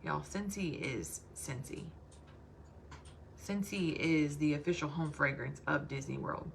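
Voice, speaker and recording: A woman's voice: low voice, a little slow, vocal fry, a little hiss or hum. A woman with a Southern US accent, chatting casually to her sales team and calling them y'all. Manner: chatty, addresses listeners as y'all.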